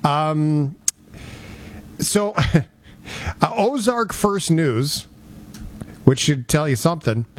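A man's voice: on the high side, very slow, pauses often. A man hosting a talk show, chatting casually and telling stories with jokes. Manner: joking, lively storytelling. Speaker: radio show host. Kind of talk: casual chat.

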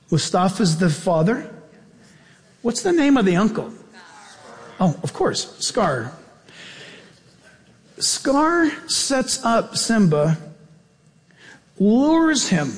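Slow high-voiced preacher in a reverberant hall. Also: male voice. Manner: earnest, exhorting, drawn-out phrasing. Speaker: pastor. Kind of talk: sermon with closing prayer. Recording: long reverb, faint music.

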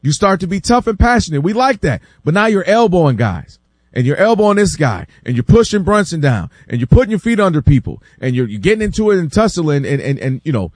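Animated man talking sports, slightly high voice. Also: fairly quick, no echo, studio quality. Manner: animated, acts out other people's quotes in voices; stammers and repeats words when building a point. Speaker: sports talk show host. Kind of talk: casual sports debate.

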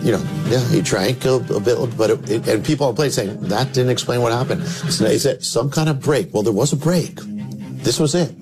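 A man who is a minister tells a story in a sermon, dramatic, with sudden drops to low, emphatic tones. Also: a little fast. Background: music.

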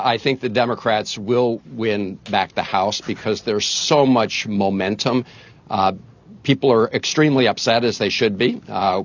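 Emphatic low-voiced senator on TV. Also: male voice. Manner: emphatic, rising to forceful points with fillers. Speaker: senator guest. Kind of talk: live TV news interview. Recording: dull lo-fi broadcast audio.

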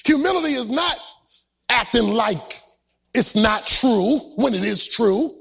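A man preaching a sermon in a rhythmic, half-sung style that keeps rising into shouts. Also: very high-pitched, animated, slow pace, creaky, faint music behind. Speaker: pastor.

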